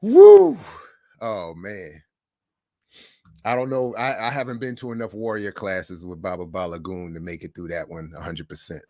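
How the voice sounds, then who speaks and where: A middle-aged man hosting a livestream, telling stories in a casual monologue with animated swings between hushed and loud. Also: sits low, normal speed, dry recording, studio quality. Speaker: livestream host.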